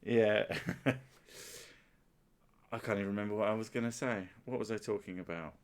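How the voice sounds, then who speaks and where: A man's voice: fairly low pitch, steady tone, normal speed, clear, resonant tone. A man hosting a livestream, chatting casually, with crude, self-mocking jokes. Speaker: streamer and host.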